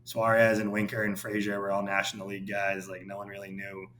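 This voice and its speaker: A man's voice: lowish voice, a little fast. Casting laid-back male podcast guest, rambling chatter, faint hum behind. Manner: relaxed, rambling, heavy use of "like". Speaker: podcast guest, baseball writer. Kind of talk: casual podcast chat.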